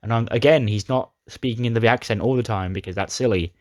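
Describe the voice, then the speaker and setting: Brief: man, lowish voice, chatty gaming recap with dramatic storytelling, dry close sound. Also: quick pace, no room sound. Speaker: gaming YouTuber. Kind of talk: casual recap of a wrestling sim playthrough.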